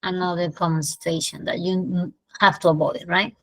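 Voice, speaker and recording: Speaking on the low side with a flat delivery, a woman with a Peruvian Spanish accent teaches English, giving explanations in Spanish and slowly drawn-out English examples. The recording has no echo and is low in quality.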